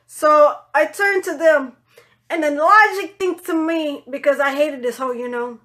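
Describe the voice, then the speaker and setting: A woman with a high voice tells a personal story off the cuff, rambling and full of "like" and "you know". She is blunt and swears freely. Her phrases often sink into a quiet mutter at the end. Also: measured pace. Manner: drops to low murmurs at the end of phrases. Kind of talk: casual storytime monologue.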